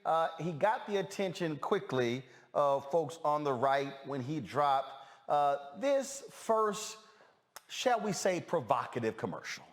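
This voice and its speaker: A man's voice: a little high, very animated, unhurried. A man hosting a podcast, talking casually with many fillers and restarts as he introduces clips. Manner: hesitant, full of fillers and restarts. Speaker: podcast host. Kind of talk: casual commentary.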